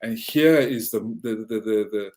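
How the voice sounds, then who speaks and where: A man's voice: lowish voice, normal speed, a little mellow. Ranting man with a Georgia drawl. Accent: Southern US, Georgia. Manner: heated, ranting, stumbles and repeats words. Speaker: podcast guest. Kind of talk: casual podcast chat.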